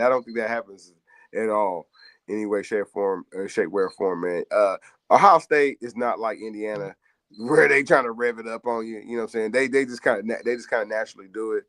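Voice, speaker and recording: A man's voice: fairly low pitch, a little fast, fairly bright tone, no echo. A man co-hosting a sports radio talk show, bantering and joking playfully with his partner.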